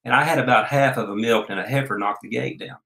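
A man's voice: medium pitch, fast talker, creaky, pushed and bright. A man from Oklahoma, telling homespun stories as an interview guest in an earnest, folksy way. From Oklahoma, USA. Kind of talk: storytelling interview chat. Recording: roomy echo.

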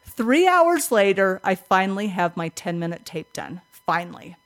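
An older woman, a guest in an interview, tells a personal story in an animated way, acts out her own past thoughts and laughs often. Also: mid-range voice, moderate pace.

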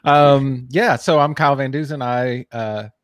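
A man's voice: medium pitch, measured pace, no echo. Easygoing Texan man, dry close sound. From Texas. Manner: easygoing, self-deprecating. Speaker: guest, web agency owner. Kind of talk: casual interview chat.

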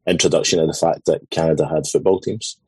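A man's voice: extremely low pitch, steady tone, quick pace, darkish tone, slightly rough, no echo, poor audio. A Scottish man chatting casually as a podcast panelist, dry and joking. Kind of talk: casual chat.

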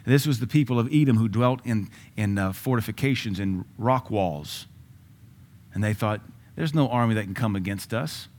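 A man preaching a sermon in a low voice, as if talking to the congregation. He moves between casual asides and sudden emphatic bursts. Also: normal speed, darkish tone. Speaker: pastor.

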